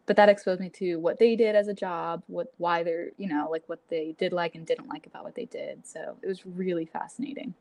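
A woman's voice: on the low side, fairly even intonation, a little fast, few pauses, darkish tone, no room sound. A woman in her twenties, a graduate student guest in a podcast interview, upbeat and laughing often, with many likes. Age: 20s. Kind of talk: casual interview chat.

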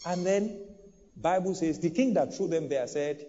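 A pastor delivers a sermon to his congregation in a church hall, his voice very animated at a normal pace, with bold swings in pitch, loudness and emphasis. The sound is dull, with a long hall reverb.

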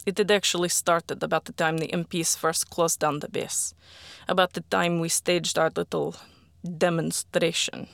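Gravelly first-person audiobook narrator, quiet and deliberate, at times whispering, dry close sound. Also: medium pitch, level tone, no room sound. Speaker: audiobook reader.

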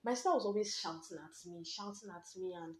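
A young Nigerian woman hosting a podcast, candidly telling personal stories with lively slang and laughter. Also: lowish voice, brisk, echoey room. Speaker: podcast host. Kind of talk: personal storytelling monologue.

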